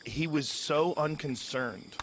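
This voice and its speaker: A man from Massachusetts who hosts a podcast. He tells candid personal stories with quick asides. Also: on the high side, slight background noise. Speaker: podcast host. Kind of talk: casual chat, telling anecdotes.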